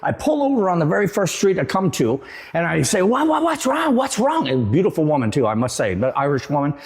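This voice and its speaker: A man, a real estate agent and guest, telling stories in a rambling way with halting restarts, from Florida. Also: a little high, lively intonation, darkish tone. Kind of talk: casual storytelling.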